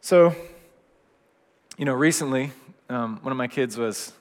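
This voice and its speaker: A middle-aged man preaching a gentle, reflective sermon in a conversational way. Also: mid-range voice, measured pace. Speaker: pastor. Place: church hall. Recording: long hall reverb.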